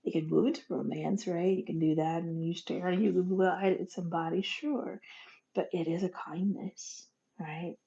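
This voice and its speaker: A woman hosting a motivational monologue in a folksy, animated way, swinging from loud bursts to soft whispers. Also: on the low side, moderate pace, creaky. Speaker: podcast host. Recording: dull lo-fi recording.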